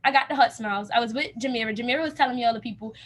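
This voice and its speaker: A young woman casually telling a story to a group, acting out what people said in lively quoted dialogue. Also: fairly high pitch, rapid-fire. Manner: animated, acts out quoted dialogue with laughs. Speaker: youth program participant.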